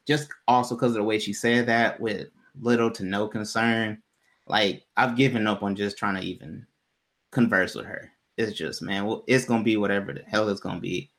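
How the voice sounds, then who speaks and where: A man tells his co-host a personal story at a moderate pace, his voice on the low side. He sounds relaxed and uses plenty of slang, becoming lively when repeating others' words.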